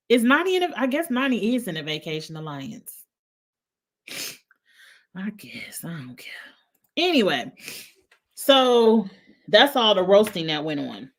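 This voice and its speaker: A woman's voice: medium pitch, fairly bright tone. Blunt, gossipy woman hosting a chat show. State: coughing, allergies. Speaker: host. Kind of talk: casual live-chat show recap.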